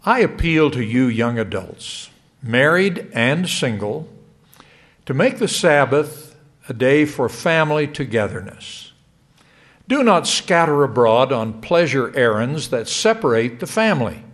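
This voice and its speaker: A middle-aged man delivering a sermon to a congregation in a measured, emphatic way. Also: mid-range voice. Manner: measured, lively rising emphasis. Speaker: church speaker.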